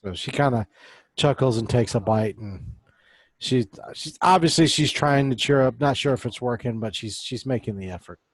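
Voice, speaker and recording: A man's voice: medium pitch, moderate pace, no echo. A man playing a tabletop game, casually describing what his character does, rambling and restarting. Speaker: player.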